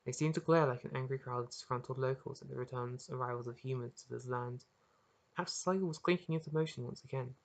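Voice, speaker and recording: Expressive reader of their own story. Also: medium pitch, fast, gravelly. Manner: earnest, expressive reading with small restarts. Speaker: author reading own story. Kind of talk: audiobook narration.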